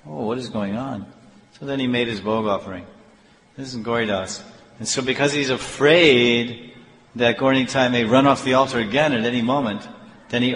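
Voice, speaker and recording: A man telling devotional stories in an animated sermon, with halting restarts. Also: medium pitch, a little hiss or hum. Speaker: devotional storyteller. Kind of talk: storytelling sermon. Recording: echoey hall, faint ambience.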